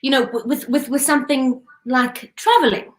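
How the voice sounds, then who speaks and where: Hesitant high-voiced woman in an echoey room. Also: normal speed. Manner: hesitant, coaxing. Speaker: children's show host. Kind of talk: children's show presenting.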